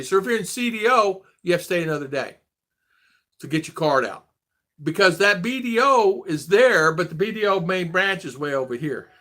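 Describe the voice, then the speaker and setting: A man's voice: on the high side, sharp tone. A middle-aged man hosting a casual vlog stream, rambling and repeating himself as he answers viewers with blunt advice. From United States. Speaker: vlog host.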